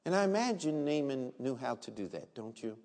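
Speaking in a brisk, sing-song manner with a mid-range, darkish voice, this male pastor preaches to his congregation. He brings the story to life and poses rhetorical questions, all captured with long reverb in a big hall.

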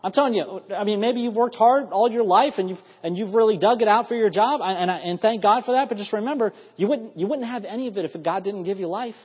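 A man in his thirties delivers an evening sermon in a fairly high, slightly husky voice. He talks earnestly and keeps climbing into emphatic runs of praise. The recording is dull and lo-fi, with the long reverb of a church hall. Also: fast talker, hardly any pauses. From United States. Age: 30s. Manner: earnest, building to emphatic bursts with repeated praise. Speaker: preacher. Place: church sanctuary.

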